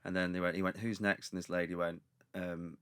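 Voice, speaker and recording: A comedian telling rambling anecdotes in casual chat, acting out quotes in lively voices. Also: male voice, low-pitched, fast, clean tone, no room sound, clean studio sound. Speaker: comedian guest.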